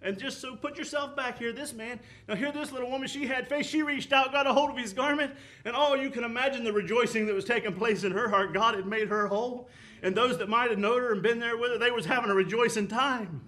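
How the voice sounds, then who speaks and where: Man, preacher, high voice, sermon, surging and dropping cadence. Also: fast talker, bright, forceful tone. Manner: impassioned, rising and falling preaching cadence.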